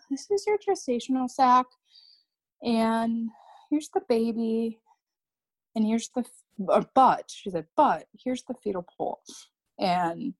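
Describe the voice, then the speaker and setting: A young podcast guest whose voice sits on the high side struggles through a painful personal account. Her delivery is halting, with frequent repetitions and restarted sentences.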